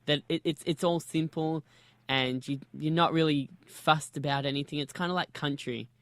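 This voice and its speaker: A man's voice: a little high, fairly even intonation, moderate pace, a bit bright, dry recording. A man hosts a casual interview. He explains things in hesitant bursts and laughs easily, his voice close and dry.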